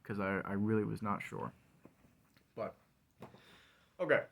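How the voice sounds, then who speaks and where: Rambling man with a lowish voice. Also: big pitch swings, unhurried, creaky, a bit bright, slight background noise. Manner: rambling, filler-heavy, wry. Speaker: vlogger. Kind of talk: casual solo monologue.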